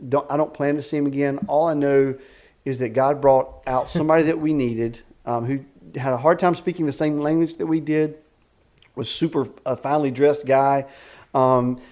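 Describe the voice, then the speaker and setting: Speaking from a house on a rural camp, this fifties-aged executive director of a ministry camp sounds like a ministry leader in a relaxed interview. His storytelling sits at a middle pitch with moderate pacing, and it's full of faith. He's lively and keeps starting his sentences over.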